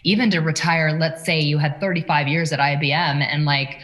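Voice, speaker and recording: Woman coach on a podcast, really low voice, thoughtful, keeps asking big questions. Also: steady tone, a little fast, fairly bright tone. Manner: reflective, asks probing rhetorical questions. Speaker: leadership coach, guest. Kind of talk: casual interview talk.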